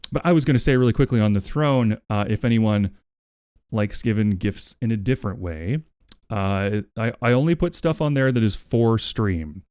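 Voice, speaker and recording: A man's voice: lowish voice, a little mellow, no room sound, studio quality. A man live streaming who chats casually with his viewers, rambling, swearing freely and thanking them over and over. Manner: rambling, profane and effusively thankful.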